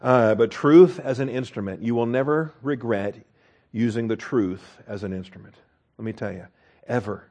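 A man's voice: mid-range voice, normal speed, a little mellow. A man preaching a conversational Bible-teaching sermon in church, reading verses aloud, explaining Greek words and often checking in with "okay?". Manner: folksy, chuckles at the text, frequent "okay?" checks with listeners. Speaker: pastor.

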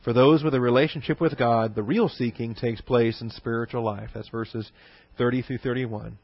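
A man's voice: mid-range voice, steady tone, moderate pace, no room sound, dull audio. A man preaching a teaching sermon in a conversational way, with rhetorical questions, fillers and restarts. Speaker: pastor.

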